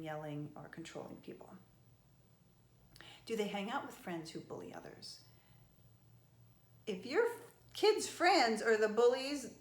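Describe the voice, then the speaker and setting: A middle-aged woman motivational speaker giving earnest, emphatic advice straight to camera. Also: mid-range voice. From from an Italian family. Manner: earnest and emphatic, with animated outbursts. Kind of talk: direct-to-camera advice talk. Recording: echoey room.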